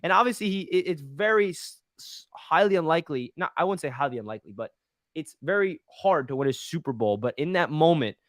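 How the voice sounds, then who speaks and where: A young man hosting a casual sports fan chat, excitable and rambling with lots of fillers. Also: fairly high pitch, no echo, studio quality. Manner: excitable, fast-talking, many "like" fillers. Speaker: podcast host.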